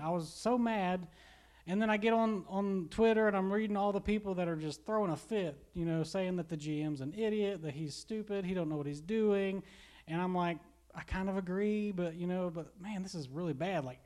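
High-voiced man preaching casually. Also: darkish tone. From Kentucky. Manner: conversational, rambling, repeats words. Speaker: pastor. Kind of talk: casual sermon. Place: church.

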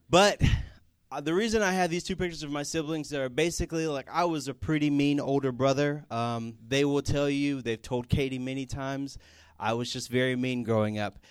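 A man's voice: medium pitch, a little fast, smooth, no echo. A young man preaching casually to a group, telling family stories and acting out the voices of the people in them. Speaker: youth pastor.

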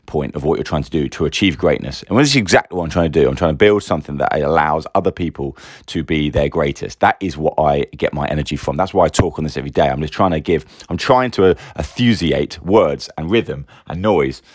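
Very deep-voiced rambling man. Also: fairly quick, slightly rough, no echo, studio quality. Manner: rambling, animated, frequent restarts. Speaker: business owner vlogger. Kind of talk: casual personal monologue.

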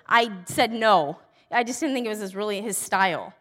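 A woman telling a funny personal story in a casual, exasperated, animated way. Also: mid-range voice, normal speed. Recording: long hall reverb.

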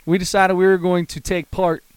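A man's voice: high-pitched, fairly quick, clear, resonant tone, dry recording. A man in his thirties, a podcast co-host, telling a funny story in casual chat. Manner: animated storyteller, laughs hard at his own story.

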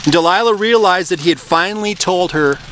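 A man preaching a conversational sermon, telling the story in an animated way. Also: high-pitched, fairly quick, noisy background. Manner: animated, conversational, acts out the characters.

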